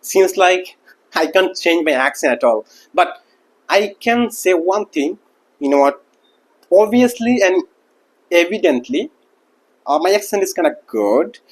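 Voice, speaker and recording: A man's voice: high-pitched, lively intonation, unhurried, long pauses. A man who did not grow up speaking English, talking casually to camera as a teacher and packing his speech with fillers like "like" and "you know what". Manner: rambling, heavy use of like and you know what. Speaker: English teacher and channel host.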